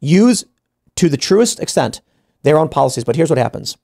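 A man's voice: a little high, sing-song, moderate pace, creaky, a little mellow. A man hosting a podcast, arguing his point in opinionated panel talk, often restarting his sentences and acting out other people. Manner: argumentative, many restarts, acts out quoted people. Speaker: podcast host. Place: podcast studio.

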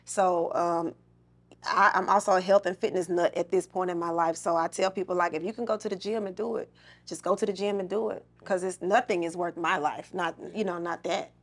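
A woman's voice: on the low side, steady tone, brisk. A young adult woman comedian, a guest in a casual interview, telling stories in a candid, laid-back way with slang.

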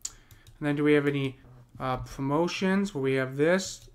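A man with a higher-than-average voice talks a little slowly as he covers poetic meter. He's an American poetry teacher giving a casual screen-share lesson, reasoning aloud with lots of fillers and restarts.

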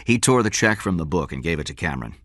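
A man narrating an audiobook story in a measured, expressive way. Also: low voice, no room sound, studio quality. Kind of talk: scripted narration.

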